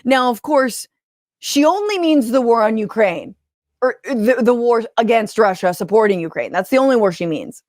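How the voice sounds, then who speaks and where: A woman's voice: on the high side, expressive, moderate pace, darkish tone, no room sound, studio quality. A woman comedian and commentator in a televised debate, full of sarcastic, mocking asides.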